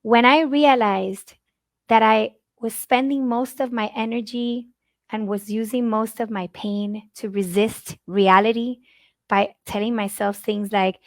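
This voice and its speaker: A middle-aged woman with Spanish as her first language speaks to a conference audience in earnest, heartfelt tones, often repeating a word while she finds the next one. Her voice sits a little high and sounds close and dry, with no room around it. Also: fairly even intonation, unhurried, no echo. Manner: earnest, repeats words when searching for them. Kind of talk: heartfelt inspirational talk.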